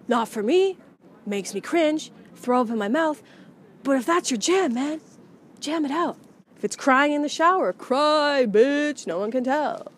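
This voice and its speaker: A young woman filming herself outdoors at a rainy baseball field, rambling and swearing, her voice jumping from loud outbursts to near whispers. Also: sits high. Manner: profane, rambling, swings from shouting to whispering. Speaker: vlogger. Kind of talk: rambling comedic vlog monologue.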